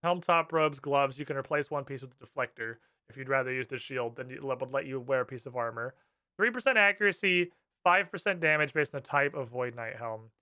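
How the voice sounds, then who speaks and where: A man's voice: medium pitch, expressive, fairly quick, bright, forceful tone, clear, resonant tone. A man streaming a game, giving casual commentary full of heated, swearing rants.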